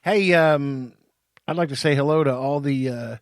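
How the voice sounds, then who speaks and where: Joking co-host, dry close sound. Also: male voice, mid-range voice, normal speed, dry recording. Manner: joking, banters, playful. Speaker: podcast co-host. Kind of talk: casual chat. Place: studio.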